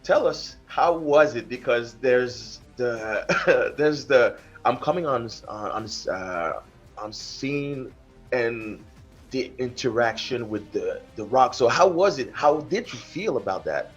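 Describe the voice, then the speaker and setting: A man hosting a casual interview, asking questions haltingly with many fillers and restarts. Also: medium pitch, expressive, husky, lo-fi sound, soft background music. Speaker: interview host.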